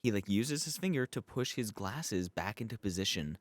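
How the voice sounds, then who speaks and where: A man's voice: on the low side, expressive, normal speed, no room sound. A man giving a casual, rambling episode recap as a YouTube reviewer, swearing often and filling with "like". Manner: profane, rambling, full of "like" fillers.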